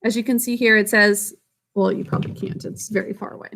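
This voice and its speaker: A woman's voice: medium pitch, fairly even intonation, quick pace, a bit bright. A woman teacher explaining a science lesson in a casual, self-correcting way to young students. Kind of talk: recorded classroom lesson.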